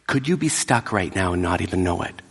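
A man preaching a sermon, emphatic, dropping often into hushed, whispered asides. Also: deep voice, animated, brisk, creaky, breathy edge. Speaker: pastor. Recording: long hall reverb.

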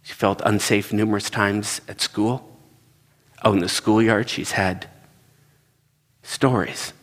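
Man, middle-aged, pastor, sermon storytelling, animated quotes, slightly husky, echoing church hall. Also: on the low side, slow.

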